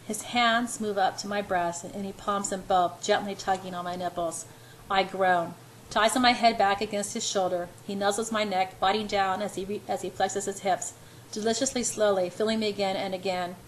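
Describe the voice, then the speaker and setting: A woman's voice: medium pitch, fairly even intonation, moderate pace, low-quality recording. Woman reading romance aloud, mid voice, kinda unpolished, faint hiss. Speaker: amateur reader.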